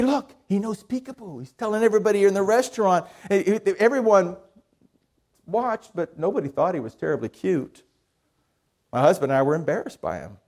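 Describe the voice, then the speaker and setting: A man preaching a sermon as a pastor, telling a story earnestly and then praying softly and slowly. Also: fairly high pitch. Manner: earnest storytelling that drops to a soft, slow prayer. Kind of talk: sermon with a told story and prayer.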